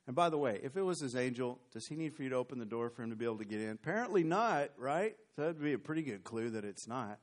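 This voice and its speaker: A man's voice: medium pitch, a little fast. A male pastor preaching a sermon, retelling a scripture story animatedly and reading verses aloud. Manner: animated storytelling, reads scripture in old formal English.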